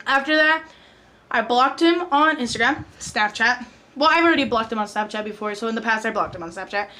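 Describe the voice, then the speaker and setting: A teenage girl with a high, light voice talks straight to her viewers in a casual storytime vlog. She is chatty and animated as she recounts the exchange. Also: brisk. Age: teens. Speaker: vlogger.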